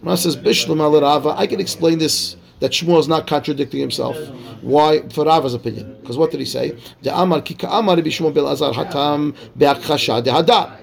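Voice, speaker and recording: High-ish gravelly guy rattling through a talmud class, keeps asking "okay?". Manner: quick, animated explaining with rhetorical checks. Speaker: rabbi teaching Talmud. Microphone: class microphone.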